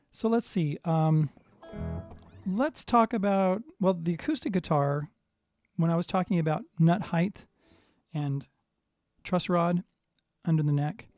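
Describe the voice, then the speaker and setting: A man's voice: a little high, gravelly, no room sound. A man giving a live guitar lesson, chatting and thinking aloud as he tunes and plays. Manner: relaxed, thinking aloud while tuning. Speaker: guitar teacher. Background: guitar playing.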